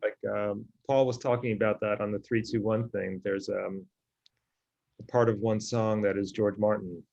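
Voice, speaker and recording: Here the co-host, also a musician, has a lowish, creaky, slightly mellow voice with little pitch movement at normal speed. He talks enthusiastically about songs he loves, stumbling through ums and restarts, on dull-sounding audio.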